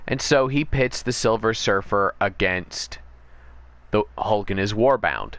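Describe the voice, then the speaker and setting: Bright-voiced male streamer rambling a recap. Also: lowish voice, no room sound. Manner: rambling, self-correcting recap with quick bursts. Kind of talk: casual storytelling while gaming.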